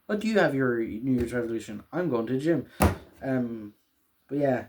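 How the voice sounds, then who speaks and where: A man's voice: mid-range voice, expressive, moderate pace, background noise. A young man in a casual vlog, rambling and swearing constantly as he recaps a TV finale, often tagging "right?" onto his sentences. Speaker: vlogger. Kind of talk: casual emotional TV show recap.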